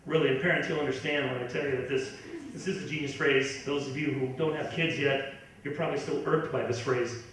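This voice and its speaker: A middle-aged man doing a stand-up comedy set in a club, ranting and incredulous, sometimes building to a shout. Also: mid-range voice, fairly even intonation, a little fast, slight background noise. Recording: echoey club from far off.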